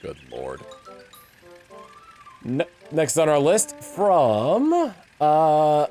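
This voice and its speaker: A young man chats casually through a game livestream, rambling and restarting his sentences. His voice sits a little high and moves around a lot in pitch. Faint music plays behind him. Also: huge pitch swings, very slow, pauses often, mellow. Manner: rambling, many fillers and restarts. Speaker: game streamer.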